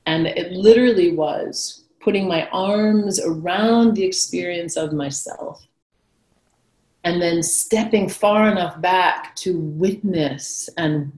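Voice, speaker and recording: Woman, low voice, reflective interview guest, animated retellings easing into soft near-whispers, roomy echoey sound. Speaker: guest author. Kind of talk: conversational interview talk. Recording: echoey room.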